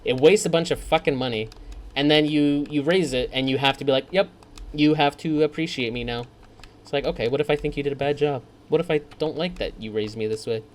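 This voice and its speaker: A man's voice: medium pitch, fast. A man giving gameplay commentary, ranting in a profane, sarcastic way. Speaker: let's play host.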